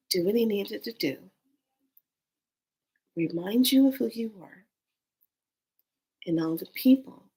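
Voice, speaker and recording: A woman with a lowish, gravelly voice recounts a loss in an emotional personal story. She's earnest and intense, at times sinking to a hushed whisper and at times rising in anger.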